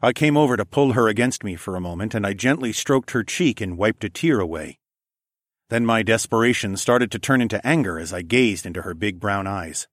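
A man with a fairly low voice narrating an audiobook in the first person. His delivery is steady and even. The recording is dry and close. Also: fairly quick, dry recording.

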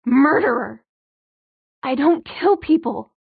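A frantic mother yelling through a locked door, her voice rough and cracking into near-screams, put on by a woman reading. The audiobook sound is narrow and tinny, with no room around it. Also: fairly high pitch, measured pace, dry recording, exaggerated voice. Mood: terrified. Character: terrified mother, shrieking at a son she calls a monster.

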